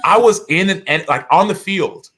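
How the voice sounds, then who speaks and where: Guy in his 30s on a podcast, bright tense voice, lively storyteller who acts out what people said. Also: high-pitched, moderate pace, a little hiss or hum. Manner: animated, acts out quotes, many restarts. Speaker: podcast guest, author. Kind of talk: storytelling in casual interview.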